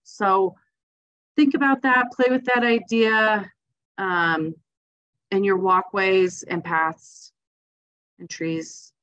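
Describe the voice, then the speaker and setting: A woman presents landscape design ideas in a casual, enthusiastic way, chatting through her slides with frequent fillers. Her voice sits at an ordinary middle pitch. The recording sounds dull and lo-fi. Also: a bit bright.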